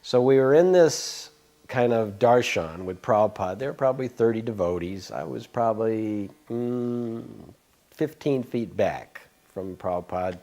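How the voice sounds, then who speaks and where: A man's voice: medium pitch, a little slow, warm tone. An older man in a casual interview, telling a long personal story with many fillers, restarts and chuckles. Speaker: devotee sharing memories.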